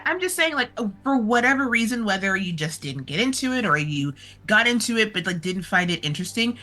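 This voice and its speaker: A woman speaks in character at a tabletop game, in long, rambling stretches full of small fillers. Her voice is bright and sharp-edged. Her pitch sits in an ordinary middle range. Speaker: player.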